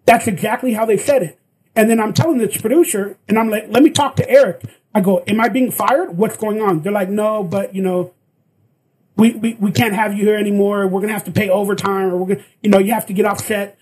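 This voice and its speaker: A man's voice: high voice, brisk, a little hiss or hum, rough recording. A man telling a story in casual chat, acting out the lines of the people in it. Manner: animated, acts out quoted lines. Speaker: guest actor.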